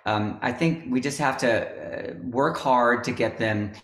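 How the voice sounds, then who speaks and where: A man's voice: mid-range voice, unhurried, a bit bright, echoey room. A man who teaches choir, chatting on a video call in a rambling way, with lots of fillers and restarts. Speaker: choral music teacher. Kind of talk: casual video-call conversation.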